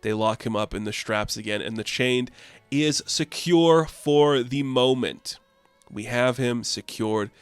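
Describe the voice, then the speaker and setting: A man's voice: medium pitch, unhurried, smooth, no echo. A man in a casual, chatty comic book recap who loosely paraphrases the characters' lines.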